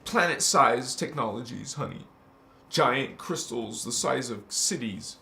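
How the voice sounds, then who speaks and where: Animated and unhurried, this man's medium-pitched voice carries a creaky, sharp tone. He's a spiritual channel host giving a livestream sermon, passionate yet informal, calling listeners "honey" and chanting syllables at times.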